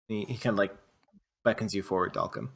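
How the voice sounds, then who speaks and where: A man's voice: fairly low pitch, sing-song, a little fast, creaky. A man narrating a tabletop game as game master, rambling and restarting often. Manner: rambling, with many fillers and restarts.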